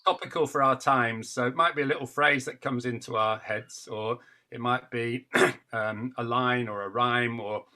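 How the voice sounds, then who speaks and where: A man being interviewed as a poet, talking in a casual, reflective, self-deprecating way, with thoughtful pauses and fillers. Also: mid-range voice, steady tone, pushed and bright. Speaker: poet guest.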